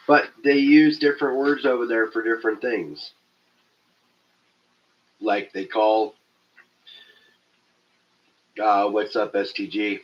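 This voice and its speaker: Low-ish dude with a stuffed-up nose, loose and jokey on a stream, swears a bit, audio kinda dull. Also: male voice, steady tone, slow pace, long pauses. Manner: loose, joking, swears freely. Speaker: livestream host. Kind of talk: casual live-stream chat reading viewer comments.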